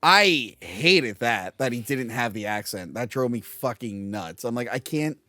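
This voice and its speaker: Brief: lively, ranting co-host, big swings in pitch, close dry mic. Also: dry recording. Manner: animated, ranting, quick to laugh. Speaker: podcast co-host. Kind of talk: casual movie review chat.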